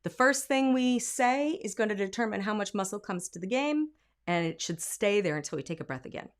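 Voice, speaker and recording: Female vocal coach, mid-range voice, explains technique and demos lines out loud. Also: medium pitch, lively intonation, a little fast. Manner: explaining, breaks into sung and spoken examples. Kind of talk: vocal lesson with sung demonstrations.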